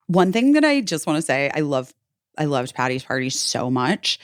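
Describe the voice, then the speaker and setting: Lowish-voiced woman in her 40s telling a long story on her podcast, swears a lot, dry studio sound. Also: normal speed, smooth, no echo. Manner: chatty, heavy on "like", swears freely. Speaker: podcast host. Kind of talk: casual storytelling chat.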